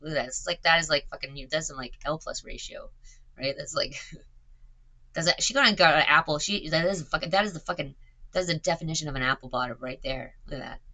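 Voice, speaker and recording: A woman's voice: low-pitched, fast talker, sharp tone, rough recording. A woman, rambling on stream in casual chat, swearing and filling gaps with "like" and "um". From Canada. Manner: chatty, swears a lot, filler-heavy.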